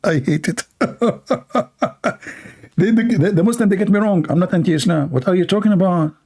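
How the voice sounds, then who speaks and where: A man's voice: sits high, fast talker, vocal fry, dark tone. A man giving mocking live-stream commentary while reading viewer comments aloud, sarcastic and teasing. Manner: sarcastic, teasing, laughs at his own jokes.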